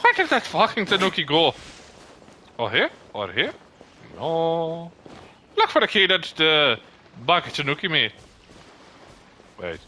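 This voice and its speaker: A man streaming a video game live, chatting casually, swearing and reacting loudly. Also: fairly high pitch, wildly swooping pitch, slow pace, long pauses, slight background noise. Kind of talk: casual livestream gaming chat.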